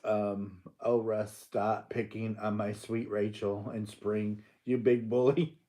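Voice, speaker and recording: Unhurried older man hosting a playful live chat. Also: lowish voice, little pitch movement, mellow. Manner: playful teasing, laughs often. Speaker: livestream host. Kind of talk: casual live-stream chat answering viewers.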